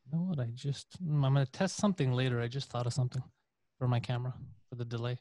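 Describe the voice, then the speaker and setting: A man's voice: mid-range voice, fairly even intonation, fast, warm tone, no room sound. A man in a casual podcast chat, talking in scattered bursts with casual swearing. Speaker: comedian podcast host.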